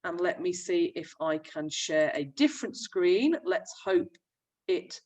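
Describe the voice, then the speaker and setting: A woman's voice: fairly low pitch, expressive, slow, a little mellow, far from the mic, rough recording. A young woman, a primary school teacher, chattily explaining a remote lesson while sharing her screen. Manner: friendly, chatty classroom explaining.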